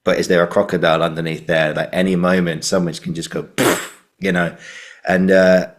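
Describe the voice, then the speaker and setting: A podcast host with a deep voice and flat delivery speaks at a moderate pace during a casual interview. He rambles loosely through stories, using plenty of fillers.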